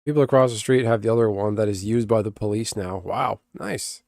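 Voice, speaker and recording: A man's voice: fairly low pitch, brisk, gravelly, darkish tone, no echo, clean studio sound. A young man streaming from home, rambling bluntly in casual chatter and swearing freely.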